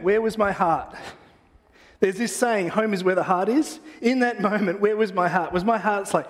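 A man preaching a sermon in a church, praying and then telling a personal story in a casual, animated way with self-deprecating humor. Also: high voice, normal speed, in a large hall. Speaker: pastor. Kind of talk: sermon with prayer and personal anecdote.

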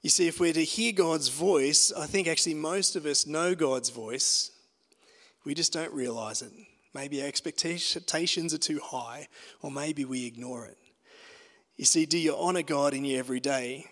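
Man, sermon, chatty storytelling with emphatic lifts, fairly high voice, long hall echo. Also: normal speed, a bit bright. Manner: conversational storytelling with emphatic rises. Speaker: pastor.

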